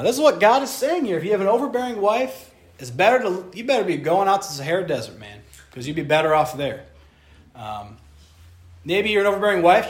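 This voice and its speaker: A young man preaching a sermon on marriage to a live audience, animated and conversational, acting out little voices as he goes. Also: high voice. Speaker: pastor.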